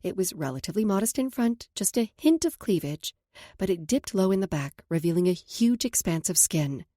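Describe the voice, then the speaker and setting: A woman narrating a romance audiobook in the first person, reading in a soft, intimate way. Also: mid-range voice, very animated, normal speed, no room sound, studio quality.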